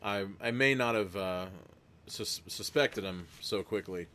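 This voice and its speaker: A man's voice: on the low side, unhurried, bright, forceful tone. Rambling man hosting a gamebook stream. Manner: rambling, self-deprecating asides. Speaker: game host reading a gamebook. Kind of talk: live-streamed interactive story reading.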